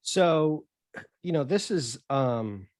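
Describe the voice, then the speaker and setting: A man's voice: fairly high pitch, expressive, slow pace, no echo, studio quality. A man who teaches, talking about a book in a casual discussion, earnest and searching, often restarting phrases.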